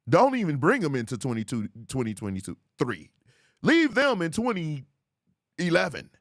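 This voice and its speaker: A man hosting a commentary show on viral clips, animated and mocking, laughing often and jumping into high squeals to ridicule. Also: no echo, studio quality. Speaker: host.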